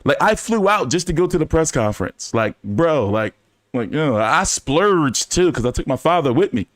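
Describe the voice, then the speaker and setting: A man hosting a casual fan chat, telling stories in an animated, profane way with many fillers. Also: on the high side, moderate pace, no echo, clean studio sound. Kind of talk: casual storytelling to a live chat.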